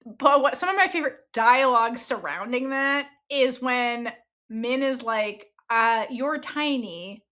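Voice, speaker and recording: A woman co-hosting a casual podcast, reviewing a TV series in an animated way, laughing often and swearing freely. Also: high voice, measured pace. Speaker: podcast co-host.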